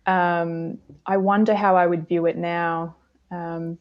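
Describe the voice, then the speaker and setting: A woman from South Africa, a guest chatting casually in an interview, talking reflectively with pauses. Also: on the low side, level tone, muffled recording.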